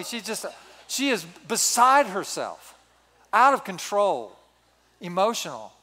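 Older guy pastor telling a story, kinda high voice, joking at himself, big echoey hall. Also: takes it slowly. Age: 60s. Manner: animated, self-mocking humor. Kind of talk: sermon storytelling. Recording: reverberant hall.

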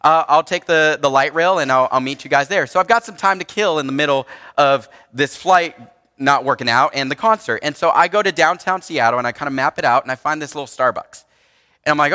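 A man's voice: medium pitch, fast talker, sharp tone. A young man preaching, telling a personal story in a casual, earnest way with frequent restarts and fillers. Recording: long hall reverb.

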